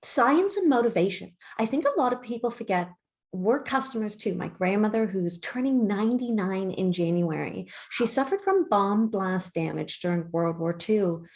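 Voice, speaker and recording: A woman's voice: expressive, normal speed, a little mellow. A middle-aged woman hosting a live skincare shopping broadcast, talking with enthusiastic sales energy. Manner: enthusiastic, sales-pitch delivery. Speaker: skincare brand host.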